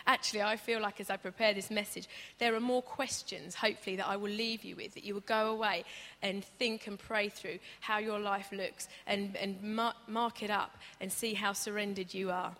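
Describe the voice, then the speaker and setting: Bright woman preaching in a reverberant hall. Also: mid-range voice, fairly even intonation, normal speed, few pauses. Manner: chatty and humorous, acts out stories with voices. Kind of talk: conversational sermon. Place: church hall.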